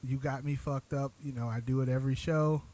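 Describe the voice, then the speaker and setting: A man's voice: medium pitch, fairly even intonation, brisk, warm tone, rough recording. A man hosting an online show, talking straight to his audience in an earnest, blunt way that turns profane when he gets worked up. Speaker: show host. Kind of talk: direct-to-camera commentary.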